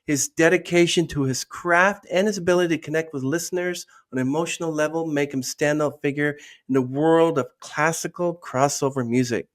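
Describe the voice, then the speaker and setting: A man's voice: fairly high pitch, a little fast, hardly any pauses. A man hosting a podcast, reading out a guest introduction with emphatic asides and then welcoming the guest. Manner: emphatic, breaks in with asides to his co-host. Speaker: podcast host.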